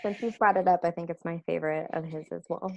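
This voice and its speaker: A woman's voice: fairly low pitch, fairly even intonation, fast talker, vocal fry, darkish tone, no echo, low-quality recording. A woman chatting casually, laughing and agreeing as she listens to a story being read. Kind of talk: casual chat.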